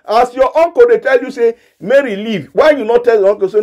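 A man's voice: high voice, lively intonation, normal speed, few pauses, dark tone, dull audio. A man from Nigeria with a Nigerian Pidgin accent, giving a scolding commentary that speaks straight to the people he criticizes and repeats himself for emphasis. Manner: scolding, repetitive, direct address. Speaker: gossip commentator. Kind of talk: ranting commentary.

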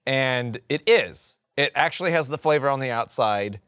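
A man's voice: medium pitch, expressive, moderate pace, fairly bright tone, clean tone, no echo, clean studio sound. Rambling male podcast host. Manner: rambling, filler-heavy, laughing often. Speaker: food review podcast host. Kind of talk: casual chat.

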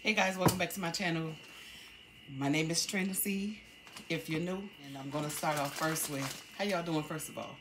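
A middle-aged woman talking casually at home in a haul vlog, chatty and halting, with many ums. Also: low voice. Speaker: vlogger.

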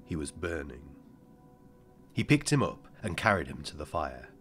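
Very low voiced guy reading an audiobook, somber and measured, lots of rise and fall. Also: big pitch swings, fairly bright tone, soft background music. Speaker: audiobook narrator. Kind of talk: audiobook narration.

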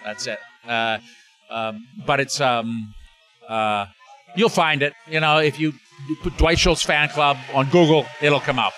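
Older male actor as interview guest, bright forceful tone, rambling delivery with many restarts, faint music underneath. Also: medium pitch, a little slow. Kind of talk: casual interview chat.

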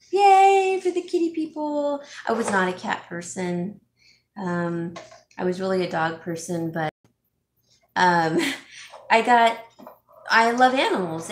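A woman's voice: mid-range voice, a little hiss or hum. A woman vlogging casually from home, chatting with her viewers in a gushing way and often restarting her sentences. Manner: chatty, gushing, thinks aloud with many restarts. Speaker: home stager and DIY vlogger. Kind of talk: casual live chat reading viewer comments. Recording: roomy echo.

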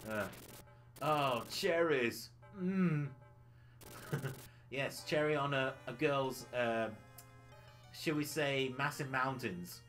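A man livestreams a retro game, chatting casually in a giggly, cheeky, rambling way with frequent laughs. His mid-range voice has a fairly bright tone, and he speaks slowly with long pauses over soft background music.

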